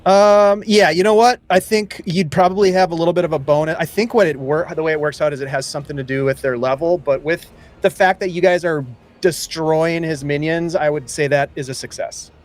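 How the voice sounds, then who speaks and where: Man, game master, slightly higher voice, friendly, faint music behind. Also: fairly even intonation, brisk. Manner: friendly, hesitant with fillers, laughs often. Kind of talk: running a tabletop game stream.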